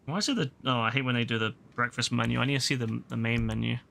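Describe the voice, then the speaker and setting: Man, live game streamer, slangy and excitable, swears casually, bright tense tone. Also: medium pitch, fast talker, vocal fry, a little hiss or hum. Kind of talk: live gameplay stream, chatting with chat.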